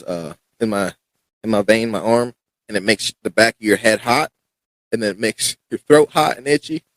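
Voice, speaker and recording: A man's voice: fairly low pitch, no room sound, rough recording. A young man, a fighter guest on a podcast, telling a story in a casual, rambling way with many restarts and acted-out quotes. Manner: rambling, frequent restarts and fillers, acts out quoted dialogue.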